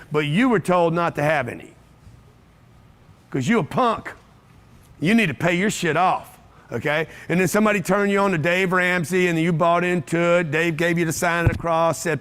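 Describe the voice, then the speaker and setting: A man with a high-pitched voice speaks to a live audience in an event room. He is brash and punchy, hammering on repeated phrases like a motivational seminar speaker. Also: measured pace, fairly bright tone.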